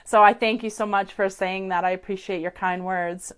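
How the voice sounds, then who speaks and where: A woman's voice: mid-range voice, steady tone, moderate pace, a bit bright, smooth. A woman psychic medium giving effusive live-stream readings to viewers, chatty and gushing with many fillers, into a webcam or phone mic.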